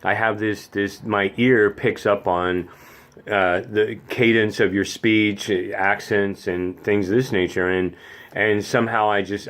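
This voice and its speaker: Chatty theatrical man talking to camera. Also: lowish voice. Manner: chatty, theatrical, self-mocking. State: slightly congested, clearing throat. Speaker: vlog host, infant room caregiver. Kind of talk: casual vlog chat.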